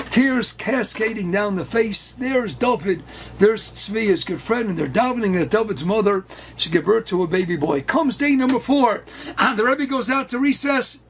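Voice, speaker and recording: A man, a rabbi, telling a story in a lively sermon style, who acts out the children's voices and mixes in Hebrew and Yiddish words. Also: very high-pitched.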